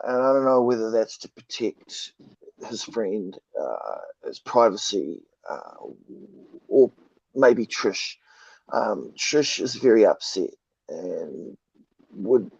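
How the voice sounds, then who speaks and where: A man with a hoarse, croaky voice from a cold, talking slowly and haltingly as a guest on a live stream. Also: fairly low pitch, darkish tone, no echo, dull audio. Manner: slow, halting, many ums. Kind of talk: casual live stream talk.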